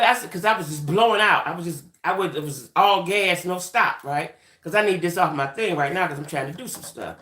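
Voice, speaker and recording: An adult woman hosting a livestream, telling a story in a chatty, animated way and talking straight to her viewers. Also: medium pitch, fairly quick. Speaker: livestream host. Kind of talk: casual storytelling chat. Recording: roomy echoey room.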